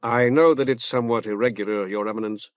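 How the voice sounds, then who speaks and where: A man voicing an earnest young male priest who speaks softly and formally. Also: medium pitch, fairly even intonation, fast talker, dry recording, lightly acted. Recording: dull dry tape transfer.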